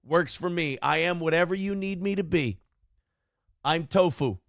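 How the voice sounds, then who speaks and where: A man's voice: on the high side, normal speed, no echo, studio quality. A man hosting a live stream, ranting combatively and profanely at his chat, boastful and blunt. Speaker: streamer and show host.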